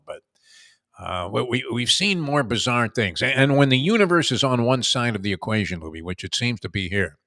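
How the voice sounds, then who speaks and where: A man with a low voice hosts a casual sports talk show. He talks in halting stretches full of fillers, then breaks into animated bursts. The recording is dry, with no room sound. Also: dry recording.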